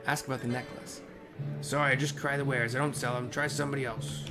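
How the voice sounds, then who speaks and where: A man's voice: medium pitch, little pitch movement, quick pace, over music, close to an everyday voice. A man voicing a brusque male lizard-folk market crier in a game.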